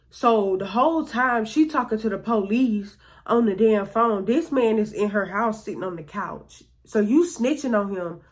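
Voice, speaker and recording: A woman vlogger telling a story in a rambling, profane, filler-heavy way. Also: medium pitch. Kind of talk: casual storytelling.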